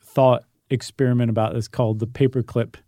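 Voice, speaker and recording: A man's voice: medium pitch, level tone, fairly quick, warm tone, no echo, studio quality. Easygoing man co-hosting a podcast. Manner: explanatory, easygoing, thinks aloud with fillers. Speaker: podcast co-host. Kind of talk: casual conversational podcast.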